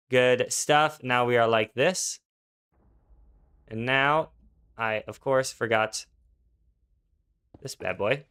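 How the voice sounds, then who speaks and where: Bright, laid-back young male gaming streamer. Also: mid-range voice, clean tone. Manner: laid-back, slangy, chatty, reads chat aloud. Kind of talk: casual live-stream commentary.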